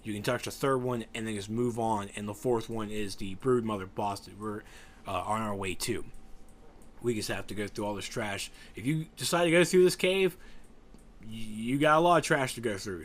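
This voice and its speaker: A tired man yawns through casual, rambling commentary on a game raid walkthrough, joking and trailing off while trying to recall names. His voice is lowish, with slight background noise.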